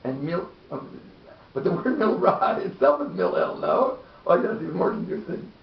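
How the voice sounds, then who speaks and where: A man arguing his point in a lively class discussion, interrupting often and getting flustered. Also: a little high, normal speed, vocal fry. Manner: animated, argumentative, interrupting, easily confused. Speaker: student in a class. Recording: echoey room, dull lo-fi sound.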